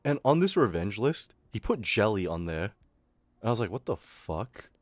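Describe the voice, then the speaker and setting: A man's voice: lowish voice, sing-song, moderate pace, no echo. Rambling, profane man telling a story. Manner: rambling, profane, lots of fillers. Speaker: streamer. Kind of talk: casual storytelling on a livestream.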